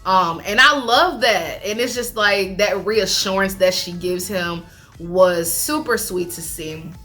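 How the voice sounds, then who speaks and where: A woman chatting casually as she recaps a reality show, animated, laughing often and talking with lots of fillers. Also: medium pitch, takes it slowly, soft background music.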